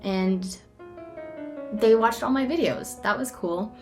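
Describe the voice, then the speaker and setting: A woman's voice: a little high, takes it slowly, darkish tone, faint music behind. A young woman in a rambling, self-deprecating casual vlog, filling her talk with "like". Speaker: vlogger. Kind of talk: casual talking-head vlog.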